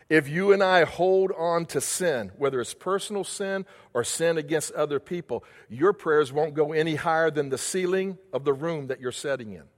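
A man's voice: fairly high pitch, normal speed, in a large hall. A male pastor preaching a sermon, asking the congregation questions and answering them himself.

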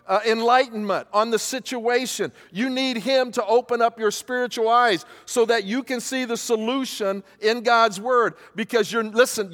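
A man with a very high, slightly bright voice preaches a sermon to his congregation as their pastor. He repeats key phrases for emphasis and asks questions for the crowd to answer in call-and-response. A long hall reverb colors the recording.

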